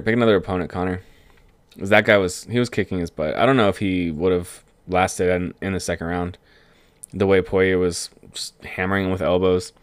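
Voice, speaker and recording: A young man talking casually about sports, rambling and excitable and laughing at his own remarks. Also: sits low, clear, resonant tone, no room sound. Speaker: vlogger. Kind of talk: casual sports commentary monologue.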